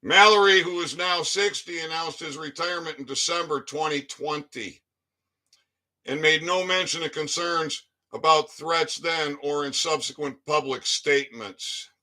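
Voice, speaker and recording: A man from Michigan with a somewhat high, piercing, tense voice reads an article slowly and deliberately. He keeps breaking off into profane rants that swing from low muttering to furious shouting. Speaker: online commentator. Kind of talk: reading news aloud with ranting commentary.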